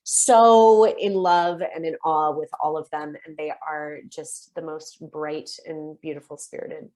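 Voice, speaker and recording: A woman guest on a podcast, a coach speaking earnestly and warmly over a video call, with casual swearing. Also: low-pitched, fairly even intonation, measured pace. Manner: earnest, heartfelt, casually profane. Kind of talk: casual interview chat.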